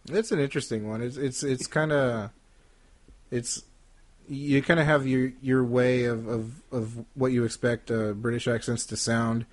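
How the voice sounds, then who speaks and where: A man talks as a guest on a casual movie podcast. He speaks at a middling pitch and stumbles through his points, full of hedges and restarts. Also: fairly even intonation. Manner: halting, with many restarts and hedges. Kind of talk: casual chat.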